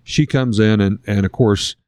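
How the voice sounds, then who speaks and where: A man's voice: on the low side, moderate pace, darkish tone, no room sound, studio quality. A middle-aged man in an interview, telling a personal story in an earnest, reflective, conversational way. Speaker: guest sharing a personal story.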